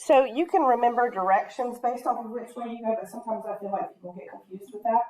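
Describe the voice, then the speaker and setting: A woman's voice: fairly high pitch, quick pace, darkish tone, a little hiss or hum. A woman teaching a math lesson to a class. She talks patiently, often stops to ask the class questions, and her throat keeps catching with coughs.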